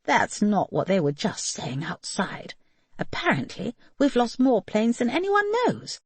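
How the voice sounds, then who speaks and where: A woman voicing a cheerful, teasing young male RAF pilot who banters with his friend, lively in pitch. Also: unhurried, slightly rough, dry recording, full character voice.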